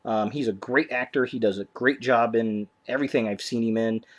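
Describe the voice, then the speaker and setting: A man's voice: mid-range voice, steady tone, a little fast. A man giving a casual, rambling movie news update as a vlogger, full of ums and restarts.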